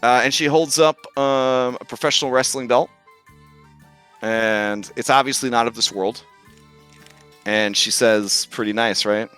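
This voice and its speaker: A man narrating as game master of a tabletop game, animated and laughing often. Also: mid-range voice, measured pace, pauses often, clear, resonant tone, faint music behind.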